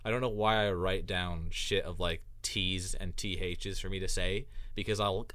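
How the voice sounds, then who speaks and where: A man co-hosting a podcast in casual chat, with an accent that blends Irish and American. His voice sits a little low but sounds bright, and he rambles through his thoughts, swearing freely and breaking into laughter. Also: fairly even intonation, normal speed. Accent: mixed Irish and American. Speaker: podcast co-host.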